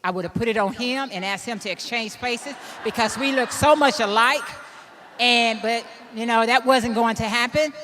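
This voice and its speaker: A woman in her fifties from Illinois giving a keynote speech, telling a personal story in an animated way and laughing at herself. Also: fairly high pitch, moderate pace, in a large hall, noisy background. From Illinois, USA. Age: 50s. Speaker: keynote speaker.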